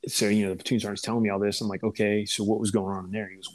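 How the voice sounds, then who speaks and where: Low-voiced man telling army stories. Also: little pitch movement, racing, few pauses, poor audio. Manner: laid-back, swearing, acts out quoted voices. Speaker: veteran first sergeant. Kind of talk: casual podcast storytelling.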